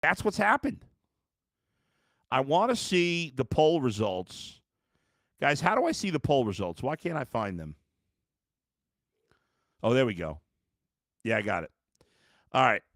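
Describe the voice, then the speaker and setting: A man's voice: medium pitch, sing-song, unhurried, long pauses, fairly bright tone, no room sound. Guy hosting a live sports reaction stream, fed up and cussing, dry close sound. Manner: exasperated, blunt, profane, reads fan comments aloud. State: worn out and frustrated. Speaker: sports podcast host.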